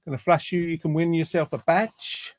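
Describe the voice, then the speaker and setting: A man's voice: fairly high pitch, little pitch movement, brisk, dry recording. Male host, light-voiced, dry, rambling and jokey. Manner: jokey, rambling, lots of ums. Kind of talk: casual quiz chat reading viewer comments.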